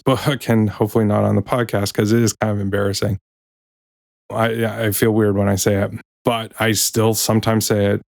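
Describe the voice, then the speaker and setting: A man's voice: on the low side, vocal fry, darkish tone, no room sound, clean studio sound. A man hosting a podcast in a loose, self-correcting chat, wry about office jargon, and later reading from his own book. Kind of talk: casual reflective talk, then reading aloud.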